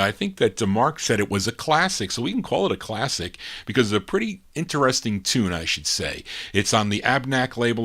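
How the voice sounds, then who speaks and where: A man's voice: lowish voice, fairly bright tone. A man hosting a record show, introducing songs in casual, chatty patter and correcting himself along the way. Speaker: radio show host spinning records.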